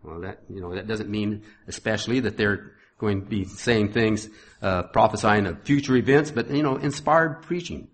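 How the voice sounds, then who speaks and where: A man's voice: on the low side, moderate pace. Folksy man preaching a sermon. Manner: folksy asides between scripture readings, rising loud when reading.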